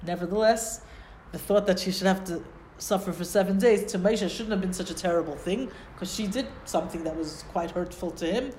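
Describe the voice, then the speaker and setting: A woman's voice: fairly low pitch, brisk, darkish tone, slight background noise. A woman giving a Torah lesson, explaining Hebrew phrases and asking rhetorical questions. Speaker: Torah teacher. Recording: roomy echo.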